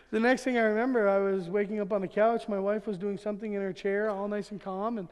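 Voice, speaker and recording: A man preaching in a church, his fairly high voice carrying a long hall reverb. He tells funny stories in an animated way, acting out the quotes and laughing along as he goes. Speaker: pastor. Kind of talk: humorous sermon storytelling. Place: church sanctuary.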